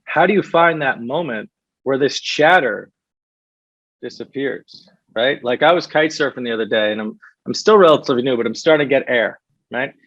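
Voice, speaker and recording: A man's voice: medium pitch, moderate pace, a bit bright, dry recording. Guest coach, man, reflective talker, muffled dry recording. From New York. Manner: reflective, keeps adding "right?". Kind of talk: casual podcast interview. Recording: dull, dry podcast sound.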